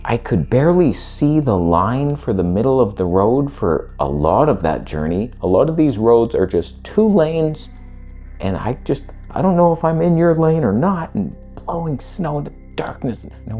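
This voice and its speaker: A man's voice: mid-range voice, unhurried, soft background music. A man vlogging, casually retelling a story in laid-back slang with some swearing. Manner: animated retelling that acts out quoted voices.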